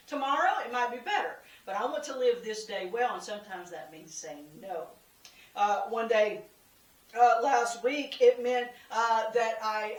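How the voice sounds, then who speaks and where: Chatty woman, slightly high, roomy sound. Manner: chatty and humorous, laughs at herself; encouraging, speaks straight to listeners. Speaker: devotional host. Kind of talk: casual weekly devotional talk. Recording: roomy, from a distance.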